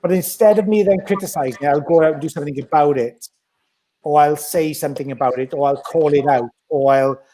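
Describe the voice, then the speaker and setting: Blunt man, mellow voice. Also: fairly high pitch, fairly quick. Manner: blunt, animated, acts out quoted voices. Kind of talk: casual podcast chat.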